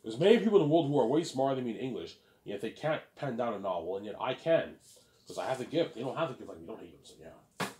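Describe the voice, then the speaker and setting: A man's voice: medium pitch, very animated, fast talker, warm tone, a little hiss or hum. A man rambling boastfully about his own book, swearing freely and repeating himself as he acts out imagined praise. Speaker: self-published author and vlogger.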